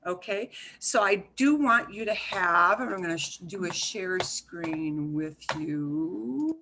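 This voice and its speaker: A woman's voice: lowish voice, animated, slow, background noise. A woman teaching a beginners' Spanish class over a video call, explaining patiently with repeats and fillers. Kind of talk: online class instruction.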